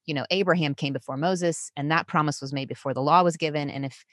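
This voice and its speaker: A woman podcast host speaking in a thoughtful, measured conversational way. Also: deep voice, steady tone, no room sound, studio quality.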